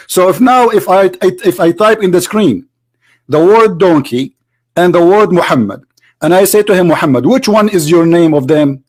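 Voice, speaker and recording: Guy with as ranting over a debate clip, mocking, a bit high voice. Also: lively intonation, normal speed, darkish tone. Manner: mocking, argumentative, talks at the viewer. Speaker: commentator replaying a debate. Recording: lo-fi online voice chat.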